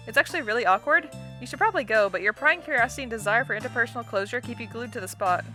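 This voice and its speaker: A woman's voice: on the high side, expressive, rapid-fire, few pauses, bright, forceful tone, faint music behind. A woman hosting a let's-play, reading a visual novel aloud with casual, chatty commentary and laughing at the script.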